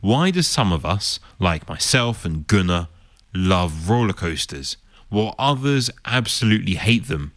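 A man narrating a science documentary in a measured, explanatory way. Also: low-pitched, big pitch swings, fairly bright tone, no room sound, clean studio sound. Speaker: presenter.

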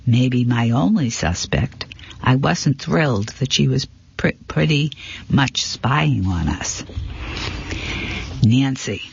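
A man narrating a first-person mystery novel as an audiobook, in a plain, steady storytelling voice with small slips. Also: mid-range voice, slow, gravelly, a little hiss or hum. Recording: dull lo-fi recording.

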